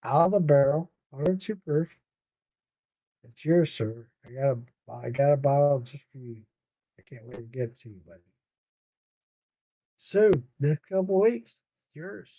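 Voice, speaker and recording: A man's voice: fairly high pitch, expressive, measured pace, pauses often, mellow, no room sound. Tired, rambling man hosting a late chat. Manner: rambling, swearing, laughing with viewers. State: tired, yawning. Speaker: podcast host reading live chat. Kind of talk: casual livestream chat.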